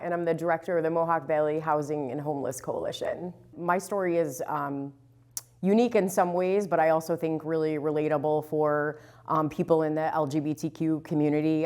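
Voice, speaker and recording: A woman who directs a housing coalition, speaking in a measured, reflective way in a documentary interview. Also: deep voice, a little mellow.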